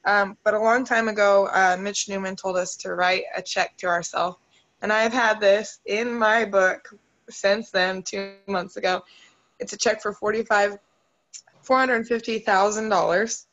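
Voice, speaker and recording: A woman's voice: medium pitch, fairly even intonation, measured pace, a bit bright, muffled recording. A woman hosting a motivational video call, upbeat and emotional as she talks straight to her group.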